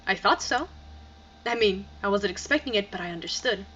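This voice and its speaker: A woman voicing a gentle, sorrowful male wizard gatekeeper with a soft, resigned, consoling way of talking, read aloud from a game. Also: medium pitch, expressive, fairly quick, muffled recording, slight background noise, voice pushed down, lightly acted. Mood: gentle, sad.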